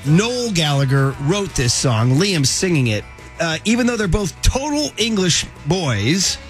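A man with a fairly high voice hosts sports talk radio, casual and animated and full of slang. His pitch jumps up whenever he gets worked up.

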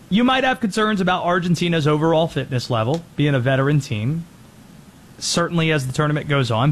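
A man hosting a sports show, talking through college football and the World Cup with energetic commentary. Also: mid-range voice, a little hiss or hum.

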